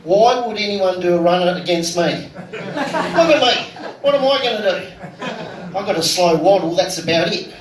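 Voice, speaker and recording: An Australian man doing a stand-up comedy set, delivering crude punchlines deadpan. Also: high-pitched, a little fast, a crowd in the background. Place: comedy venue stage. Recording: echoey room from far off with loud ambience.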